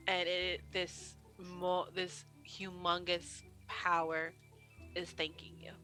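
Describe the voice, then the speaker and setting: Slow, bright-voiced woman narrating. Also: lowish voice, flat delivery, soft background music, low-quality recording. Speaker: game master. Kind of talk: narrating a tabletop role-playing game.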